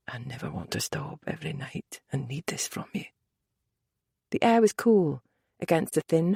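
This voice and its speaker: A woman narrating a romance audiobook in a soft, measured, intimate way. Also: fairly low pitch, dry recording, studio quality.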